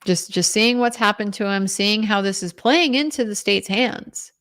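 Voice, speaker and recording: A middle-aged woman walks through what happened in court that day. She tells it in an animated way and voices the quoted lines in her own plain, mid-range voice. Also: medium pitch, moderate pace. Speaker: legal commentator. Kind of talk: recounting courtroom testimony.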